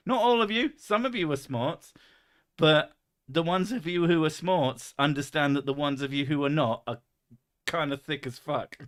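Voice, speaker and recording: A man's voice: mid-range voice, a bit bright. A man with a London accent hosting a casual chat over whisky, blunt, swearing freely and laughing often. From England. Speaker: podcast host.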